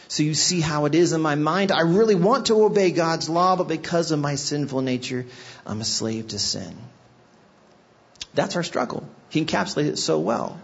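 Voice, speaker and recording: A man's voice: fairly high pitch, lively intonation, moderate pace, creaky, husky, lo-fi sound. A middle-aged man, a guest pastor, preaching a sermon. He explains scripture and tells stories, acting out the people in them. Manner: explanatory, storytelling with voiced asides.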